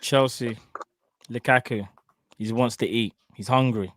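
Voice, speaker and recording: A man, co-hosting a casual football chat over a video call, animated and slangy. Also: medium pitch, a little slow, slight background noise. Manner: animated, slangy, repeats himself. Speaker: podcast co-host.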